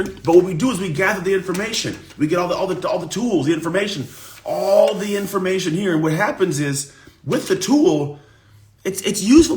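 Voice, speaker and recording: A man coach giving an energetic motivational talk on a livestream, his voice rough from the morning. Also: fairly high pitch. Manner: energetic, repetitive, talks straight to viewers. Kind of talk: live-streamed motivational talk.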